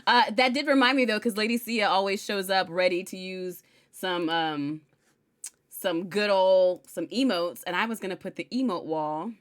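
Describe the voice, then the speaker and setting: A woman's voice: mid-range voice, normal speed. A woman hosting a casual podcast chat, teasing her co-host with mock-indignant, theatrical complaints.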